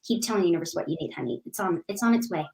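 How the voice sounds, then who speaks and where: Lively psychic lady doing a live reading, calls everyone honey, laughs a lot. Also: on the low side, very fast, gravelly, poor audio. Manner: warm, affectionate, calls listeners sweetie and honey; animated, bubbly, laughs often. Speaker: psychic reader.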